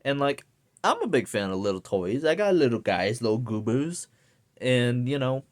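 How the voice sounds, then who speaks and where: A man's voice: mid-range voice, lively intonation, fairly quick. A young man ranting casually to camera, rambling and swearing with lots of fillers. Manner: profane, rambling, many fillers. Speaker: vlogger.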